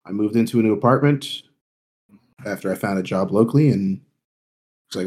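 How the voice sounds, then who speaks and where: Low mellow guy, plain matter-of-fact guest on a chill gaming podcast. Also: fairly quick, long pauses. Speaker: guest streamer. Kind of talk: casual podcast chat.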